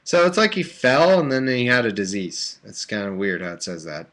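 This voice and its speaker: A man's voice: mid-range voice, sing-song, normal speed, fairly bright tone. A man casually reading aloud on a live stream, breaking off for sleepy, joking asides. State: drowsy. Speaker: host reading and commenting. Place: warm room at home.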